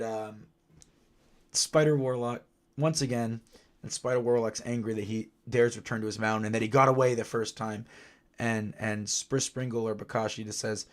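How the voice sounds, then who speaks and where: A man casually recapping his own holiday story on a stream, giggling, mocking it and rambling. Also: medium pitch. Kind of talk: casual recap with sung bits.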